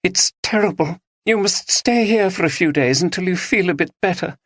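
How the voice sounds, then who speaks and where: A narrator voicing an anxious, caring middle-aged mother with a soft, worried manner. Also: medium pitch, expressive, moderate pace, no room sound, clean studio sound, voice pushed up, lightly acted.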